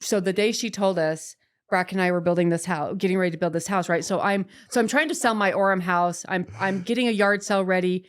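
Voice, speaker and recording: A woman in her forties, a podcast guest, tells a personal story in a chatty, animated way, full of restarts and little "right?" checks. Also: lowish voice, brisk. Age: 40s.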